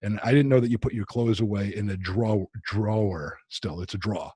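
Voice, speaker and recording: A middle-aged podcast host with a New Jersey accent and a husky, raspy voice. He chats casually and jokes about himself. The recording is dry and close, with no room sound. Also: lowish voice, fast, dark tone, no room sound. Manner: joking and self-deprecating, chatty. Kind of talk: casual interview chat.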